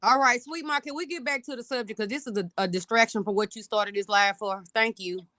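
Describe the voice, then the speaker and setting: Woman panelist, high, sharp bright voice, dry sound, insistent and corrective. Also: a little fast, no room sound. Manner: pointed, insistent, correcting others. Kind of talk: heated casual panel chat.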